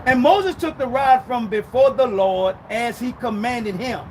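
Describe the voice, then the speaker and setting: A man preaching a sermon, retelling scripture with dramatic, animated storytelling. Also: very high-pitched, unhurried, a little hiss or hum, poor audio. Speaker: pastor.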